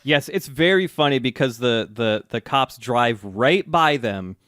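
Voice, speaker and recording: A man co-hosting a podcast, recapping episodes in casual chat with wry, animated storytelling. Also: medium pitch, measured pace, dry recording, clean studio sound. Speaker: podcast co-host.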